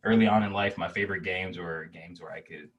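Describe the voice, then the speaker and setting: A man in his twenties speaks as an interview guest in a very low, deep voice. He sits back from the microphone and talks in a loose, rambling way, with plenty of fillers and restarts. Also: fairly even intonation, brisk, distant mic, dull audio, slight background noise. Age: 20s. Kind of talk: casual interview chat.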